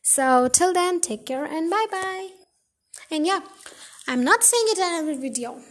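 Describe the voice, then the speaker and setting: A woman's voice: very high-pitched, expressive, normal speed. A woman hosting a storytelling podcast, reading a children's book aloud in a chatty way, often correcting herself. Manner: chatty, self-correcting with little apologies. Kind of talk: casual read-aloud storytelling.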